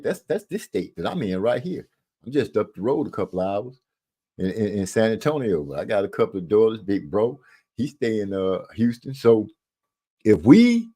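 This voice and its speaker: A man's voice: mid-range voice, darkish tone. A man hosting a casual boxing live stream from a room at home, talking in a rambling way with lots of fillers and restarts.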